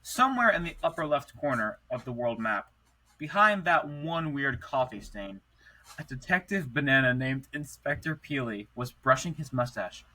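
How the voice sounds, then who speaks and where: A man's voice: medium pitch, expressive, normal speed, bright, forceful tone, low-quality recording. A young man co-hosting a podcast, reading a silly story aloud in a playful way, stumbling over and restarting words. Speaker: podcast co-host.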